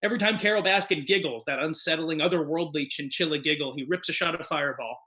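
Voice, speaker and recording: A man giving a deadpan comedic poetry reading over a video call, reciting in a mock-solemn, theatrical way. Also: fairly high pitch, fast talker. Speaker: guest performer.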